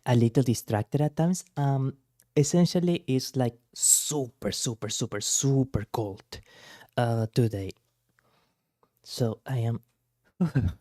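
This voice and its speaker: A man streaming as a VTuber, reacting to clips in a soft-spoken, somewhat formal way. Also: mid-range voice, slow, no room sound, clean studio sound.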